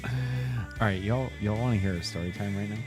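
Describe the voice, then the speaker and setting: A man's voice: fairly low pitch, moderate pace. A man hosting a live gaming stream from home, chatting casually and greeting viewers by name at a close desk mic. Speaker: gaming livestream host. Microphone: desk mic, moved close. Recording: music playing under the voice.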